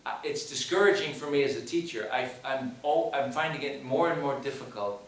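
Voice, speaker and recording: A man's voice: mid-range voice, fairly quick. A man, a film director and teacher, telling a story at a screening Q&A with hesitant restarts. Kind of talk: public Q&A after a screening. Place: screening hall with audience. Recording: echoey hall, mic from far off.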